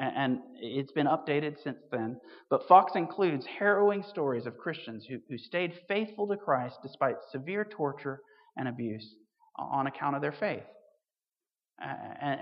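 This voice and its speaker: A preacher giving a conversational sermon to a congregation, asking rhetorical questions and adding wry asides. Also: mid-range voice. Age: 30s or older. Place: church hall. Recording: dull recording with long hall reverb.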